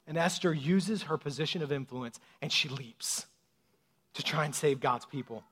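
A man preaching a sermon with a lilt, swinging from loud bursts to hushed lines and acting out voices as he tells the story. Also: fairly high pitch. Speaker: pastor.

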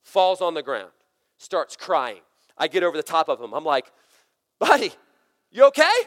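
A man in his thirties preaching a conversational, energetic sermon full of family stories. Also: a little high, moderate pace. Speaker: pastor. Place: church sanctuary. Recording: long hall reverb.

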